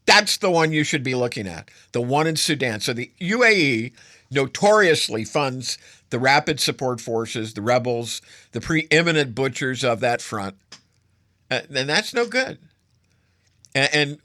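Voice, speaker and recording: A man's voice: a little high, bright, forceful tone, no room sound, studio quality. A man hosting solo political commentary, sarcastic and emphatic, stacking up adjectives as he argues.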